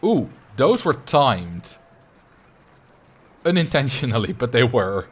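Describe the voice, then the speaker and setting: A man's voice: medium pitch, big pitch swings, slow pace, husky. A man with a light Dutch accent, chatting casually and animatedly to viewers on a livestream. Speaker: streamer.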